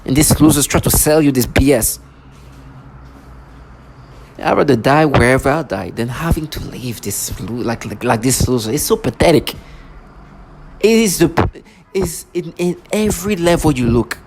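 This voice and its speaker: A man's voice: on the high side, normal speed, pauses often, a little mellow. A man in an angry vlog monologue, ranting and agitated, stumbling over restarts. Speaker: vlogger. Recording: noisy recording.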